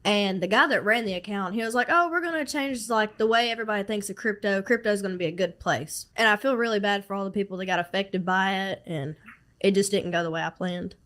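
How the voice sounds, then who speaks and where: A woman's voice: mid-range voice, a bit bright. A young woman talking as a podcast guest, emotional and giggly, using "like" often. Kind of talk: casual interview talk.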